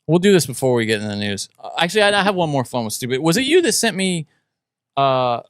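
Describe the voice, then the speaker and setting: A man's voice: on the high side, big pitch swings, fast, no echo, clean studio sound. A man co-hosting a podcast, chatting casually and laughing along.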